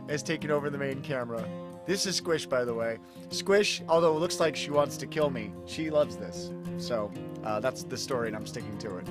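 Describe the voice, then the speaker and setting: A man hosting a casual live stream from home, rambling and chuckling as he chats with viewers. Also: mid-range voice. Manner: rambling, self-interrupting, chuckling asides. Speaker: livestream host and magician.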